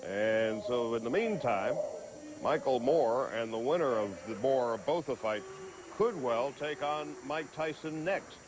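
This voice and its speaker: A man at an ordinary pitch reports live for sports news. His commentary is measured and informative, with a slightly wry edge. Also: animated, noisy background.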